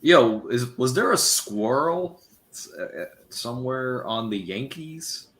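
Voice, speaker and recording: A man's voice: medium pitch, animated, slow, a bit bright. A man trading jokes and teasing in casual banter. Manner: teasing, joking. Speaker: co-host.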